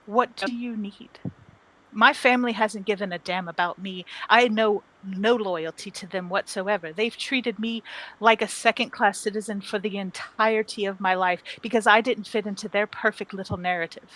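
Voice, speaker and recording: A woman puts on a resentful young noblewoman who feels like an outcast. She speaks with bitter defiance in a put-on accent. The voice is bright and tense. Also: medium pitch, steady tone, normal speed, natural voice, low-quality recording.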